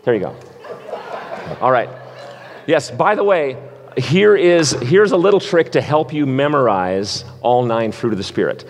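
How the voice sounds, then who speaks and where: A man's voice: medium pitch, lively intonation, measured pace, a little hiss or hum. A man preaching a sermon as pastor, switching between playful game-show hosting and reflective teaching. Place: church sanctuary. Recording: long hall reverb.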